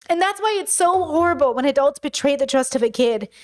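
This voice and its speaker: High-voiced chatty woman host. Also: expressive, normal speed, darkish tone. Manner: chatty, emphatic, talks to viewers as "girl". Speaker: video essay host. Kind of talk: casual commentary to camera.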